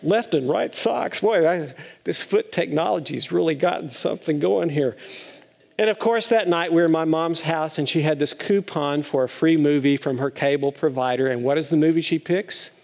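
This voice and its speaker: A man's voice: on the high side, normal speed, creaky, in a large hall. A man preaching a chatty, playful sermon to his congregation, telling stories with a light touch. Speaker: pastor. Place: church sanctuary.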